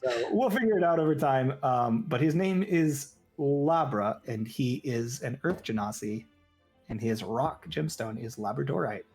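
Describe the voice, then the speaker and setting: A man's voice: mid-range voice, expressive, unhurried, darkish tone, soft background music. A man as game master, chatting casually in a rambling way. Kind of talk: casual chat.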